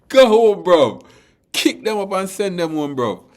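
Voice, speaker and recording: A man putting on a Jamaican accent to play a boisterous street fighter shouting about punches. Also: high-pitched, animated, measured pace, pitched above the performer's own voice. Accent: Jamaican, put on.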